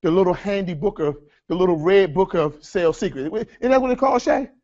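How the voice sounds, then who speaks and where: Man, high voice, lively seminar presenter, dull lo-fi room sound. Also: a little fast. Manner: energetic, addresses audience as folks, asks rhetorical questions. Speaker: seminar speaker. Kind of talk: live workshop teaching.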